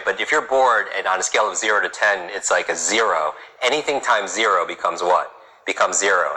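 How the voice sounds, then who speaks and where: A man speaks in a deep register with a sharp, strongly bright edge. He coaches a live crowd on reading in a brisk, punchy style. He keeps throwing rhetorical questions at them. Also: rough recording. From New York. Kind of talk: motivational talk to a live audience.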